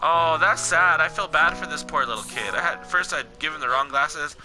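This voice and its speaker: A young man giving casual, excitable gameplay commentary, talking at the game characters in slangy speech. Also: on the high side, normal speed, few pauses, faint music behind, poor audio. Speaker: gaming channel host.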